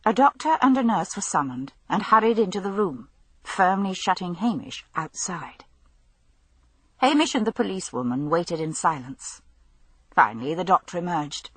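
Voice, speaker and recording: A woman reading a mystery novel aloud as an audiobook narrator, in a measured, even manner. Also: fairly low pitch, breathy edge, no echo.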